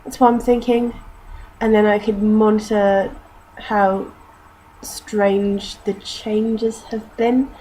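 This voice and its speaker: A young British woman with a patchwork accent, mostly southern English with northern and Canadian traces, talking in a relaxed, self-mocking vlog. She speaks at an unhurried, slow pace, and her voice sits at an ordinary middle pitch. A faint room hum runs underneath. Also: low-quality recording. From North Yorkshire, England. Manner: chatty and self-mocking, drops in mild swearing. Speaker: vlogger. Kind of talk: casual accent-challenge vlog, reading word lists aloud.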